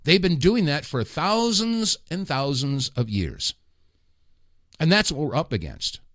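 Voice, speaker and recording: A middle-aged man hosting a political talk radio show, delivering a rambling, impassioned monologue with sudden loud outbursts. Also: fairly high pitch, very animated, unhurried, dry recording, studio quality.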